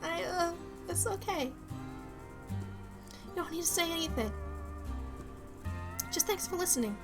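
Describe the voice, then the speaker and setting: A woman voicing a gentle, grieving mother who speaks softly and earnestly. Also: very high-pitched, lively intonation, slow pace, music in the background, pitched above the performer's own voice, full character voice. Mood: tender.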